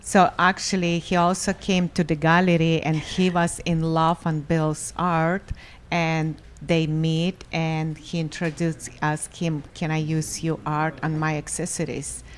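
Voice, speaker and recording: Woman, very low pitch, flat tone, simple non-native phrasing, faint ambience. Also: unhurried, slight background noise. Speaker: gallery co-owner. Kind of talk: casual interview chat. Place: art gallery during a live event.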